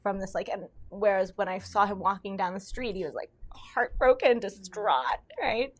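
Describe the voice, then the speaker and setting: Woman, podcast guest, animated storyteller, frequent laughter, mid-pitched voice. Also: moderate pace. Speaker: podcast guest, intuitive guide. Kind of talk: storytelling in conversation.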